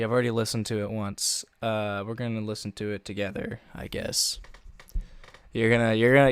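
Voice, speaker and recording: A man talking on a live stream in a halting, nervous way, full of restarts and fillers, with a shaky voice. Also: medium pitch, clean tone, dry recording, clean studio sound.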